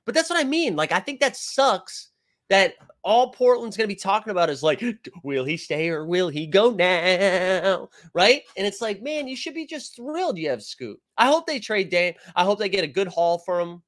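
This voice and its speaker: A man hosts a loose live stream, rambling between topics and tossing out jokes as he answers the chat. His voice sits a little high and sounds bright and forward. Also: very animated, fairly quick. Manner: loose, rambling, jokey, reads comments aloud. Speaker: sports show host reading live chat.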